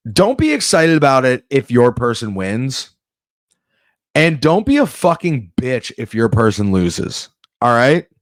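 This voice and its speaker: Recorded with studio quality and no echo, a medium-pitched man delivers an off-the-cuff comedy monologue. He rambles and interrupts himself, often restarting sentences partway through.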